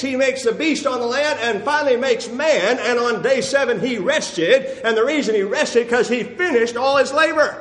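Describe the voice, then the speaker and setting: A man's voice: extremely high pitch, a bit bright. A man preaching a sermon, asking questions and answering them himself, with frequent "uh" fillers and bursts of raised voice. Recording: roomy hall echo.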